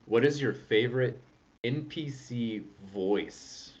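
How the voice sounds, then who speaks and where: A man's voice: mid-range voice, slow, muffled recording. A man hosting a live-streamed podcast, chatting casually with plenty of ums. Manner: relaxed, chatty, frequent ums. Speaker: podcast host.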